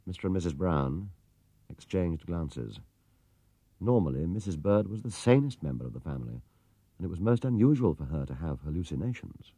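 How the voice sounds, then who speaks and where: A man narrating a children's storybook in an expressive, lively way. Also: low-pitched, moderate pace, breathy edge, dry recording. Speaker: audiobook reader.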